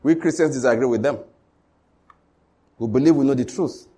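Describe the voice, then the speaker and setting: A man's voice: mid-range voice, moderate pace, mellow, husky. A man preaching a sermon, emphatic and repetitive, often asking the congregation whether they follow.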